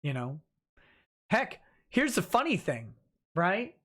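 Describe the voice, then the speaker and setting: A man's voice: high voice, wildly swooping pitch, slow, fairly bright tone, husky. A man hosting a livestream, reading viewer comments aloud and answering them casually with restarts and chuckles. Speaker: livestream host reading chat.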